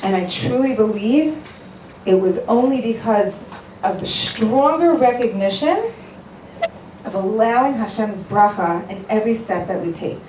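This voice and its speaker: A woman's voice: medium pitch, lively intonation, measured pace, a little mellow, a little hiss or hum. A woman who works as a matchmaker, giving an earnest, emphatic speech to a live audience and telling stories with repetition for effect. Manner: emphatic, storytelling, repeats for effect. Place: event hall with a live audience. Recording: echoey hall, voice picked up from a distance.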